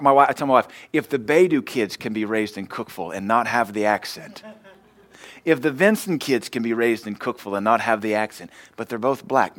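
Pastor guy in his 30s, preaching, jokey and animated. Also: medium pitch. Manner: joking, animated preacher who laughs at his own stories. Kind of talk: sermon.

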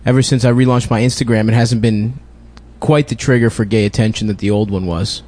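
A man's voice: medium pitch, fairly even intonation, a little fast, darkish tone. A man chatting on a comedy podcast, brash and eager, often laughing. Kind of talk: casual comedic chat.

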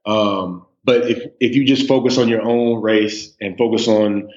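A man in his thirties talking as a guest on a casual podcast, relaxed, with many restarts and "you know"s. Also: fairly low pitch, unhurried, lo-fi sound. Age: 30s. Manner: laid-back, stammers on restarts, says "man" and "you know" a lot. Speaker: podcast guest, snack company co-owner.

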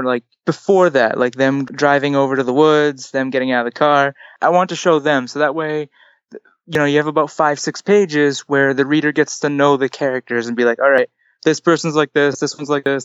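A man's voice: fairly high pitch, fairly even intonation, a little fast, clean tone, no echo. Young man rambling, dull lo-fi audio. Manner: rambling, hesitant, heavy use of "like". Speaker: comic writer guest. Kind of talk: casual interview answers.

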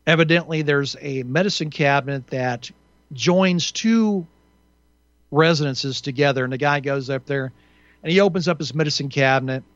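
A man's voice: fairly high pitch, normal speed, no echo. Man, radio talk host, rambling, sarcastic, indignant, dry slightly muffled audio. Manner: rambling, indignant and sarcastic, with frequent restarts and fillers. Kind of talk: solo radio commentary.

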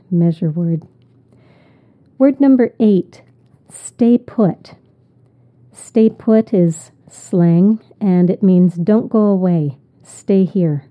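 A woman teaching English vocabulary, repeating each word and explaining it patiently. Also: lowish voice. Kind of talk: slow, deliberate vocabulary lesson. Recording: tinny phone-like audio.

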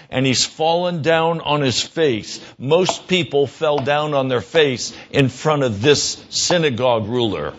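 A man preaching an earnest, emphatic radio sermon as a pastor. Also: lo-fi sound. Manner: earnest preaching, slow and emphatic, rising in pitch when pressing a point.

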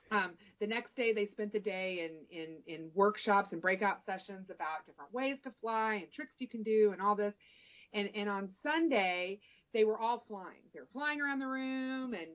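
On a podcast, the president of a local early childhood chapter talks casually and tells stories eagerly, restarting her sentences many times. Her voice is medium-pitched, and the sound is lo-fi.

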